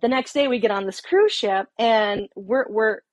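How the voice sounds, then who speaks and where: A woman's voice: on the high side, normal speed, no echo. A middle-aged woman and police officer, telling a story in casual talk, swearing and acting out heated quotes. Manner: profane, animated, acts out heated quotes.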